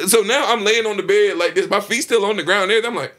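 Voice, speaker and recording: A young man in casual podcast chat, telling a story in an animated way and acting out his own reactions. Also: high-pitched, quick pace, hardly any pauses.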